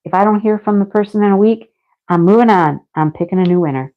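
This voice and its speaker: A woman's voice: mid-range voice, fast. A middle-aged woman hosting a craft livestream, chatting casually and answering viewer comments, rambling, laughing often and turning a little snarky. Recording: dull lo-fi home stream audio.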